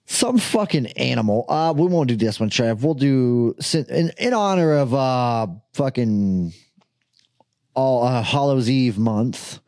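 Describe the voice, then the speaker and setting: A young podcast co-host tells a rambling story full of swearing and laughter in casual chat. His medium-pitched voice is expressive, slow and darkish, with no room sound.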